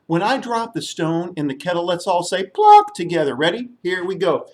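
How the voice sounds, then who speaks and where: A man telling a story to children in a church service. His voice is lively and animated, swinging up and down. He leads the group in playful call-and-response. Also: high-pitched, moderate pace, background noise.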